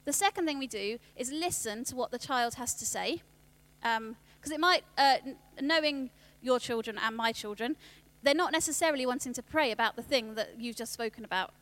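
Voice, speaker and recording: A woman, giving a workshop talk on children's ministry in a chatty way, with quick asides and restarts. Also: a little high, fairly bright tone.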